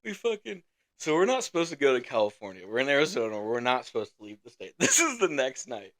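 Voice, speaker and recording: A man's voice: medium pitch, sing-song, fast talker, a bit bright. A young man casually telling a rowdy story on a podcast, swearing constantly and laughing as he talks. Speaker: podcast co-host.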